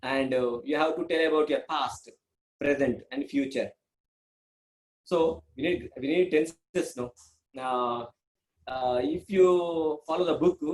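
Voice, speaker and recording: A man with an Indian English accent, teaching a beginners' language lesson, repeating himself often and filling pauses with "uh" and "okay". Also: a little hiss or hum, low-quality recording. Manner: repeats himself, many fillers, lively pitch swings.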